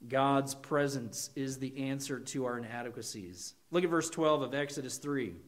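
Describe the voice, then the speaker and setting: A man's voice: mid-range voice, normal speed. A man preaching a sermon in an earnest way, asking the congregation questions and acting out little quotes. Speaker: pastor.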